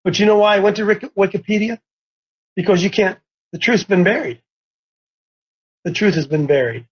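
Brief: defiant sermon voice, repeats lines, breathy texture, muffled recording. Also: mid-range voice. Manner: mocking, blunt, repeats points. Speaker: preacher. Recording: dull lo-fi recording.

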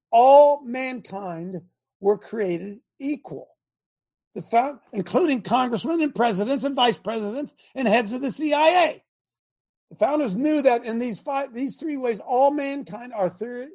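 A man giving an impassioned political talk to an audience, reading numbered principles aloud and breaking off into angry, loud commentary. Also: very high-pitched. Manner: reads numbered principles, then rants and comments; grows angry and loud at times. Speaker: speaker addressing an audience.

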